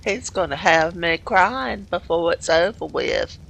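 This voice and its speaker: Southern woman streamer, slow gravelly delivery, genteel manner. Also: fairly low pitch, lively intonation, a bit bright, slight background noise. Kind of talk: casual role-play chat on a game stream.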